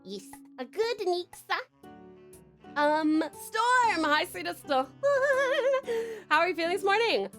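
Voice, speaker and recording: A woman's voice: very high voice, big pitch swings, slow, a bit bright, faint music behind. A young woman streaming live, greeting chat, gushing and swearing casually, calling viewers darling. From Tasmania, Australia.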